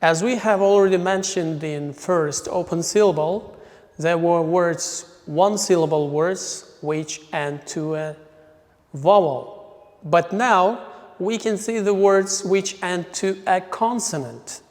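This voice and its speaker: Slow, high-voiced male teacher. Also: a little mellow. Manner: methodical, reads out example words one by one. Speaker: English teacher. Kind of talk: recorded lecture. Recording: lecture with long hall reverb.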